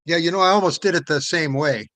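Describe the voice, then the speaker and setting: A man's voice: on the high side, fast, fairly bright tone. A man taking part in an online class, chatty and thinking aloud as he asks questions. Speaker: student. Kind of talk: casual class discussion. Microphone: video call.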